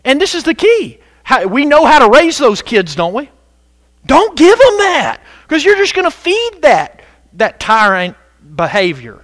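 A man preaching a sermon as pastor, animated and conversational, breaking into sudden shouts for emphasis. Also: extremely high pitch, normal speed, no echo.

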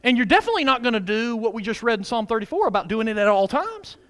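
A man preaches a sermon as pastor, with an animated call-and-response delivery. His voice is high for a man and leaps up and down in pitch. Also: fast talker.

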